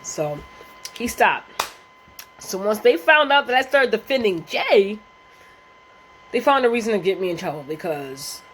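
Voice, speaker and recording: A woman spins a casual storytime for her viewers. She's animated and profane, rambling through slang and fillers. She laughs often along the way. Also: mid-range voice, measured pace, long pauses, a little hiss or hum, poor audio. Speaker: vlogger.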